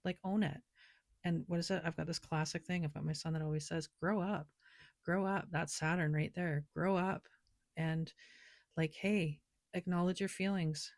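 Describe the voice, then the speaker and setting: Here a woman who reads tarot and oracle cards rambles casually in a spiritual vlog, using plenty of filler words. She speaks at normal speed in a low, steady, creaky and slightly mellow voice, captured with clean studio sound and no echo.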